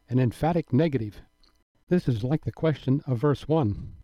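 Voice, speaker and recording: Earnest radio Bible teacher, dry lo-fi sound. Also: male voice, medium pitch, dark tone, no echo. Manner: measured, earnest, emphatic. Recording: dry, dull lo-fi broadcast audio.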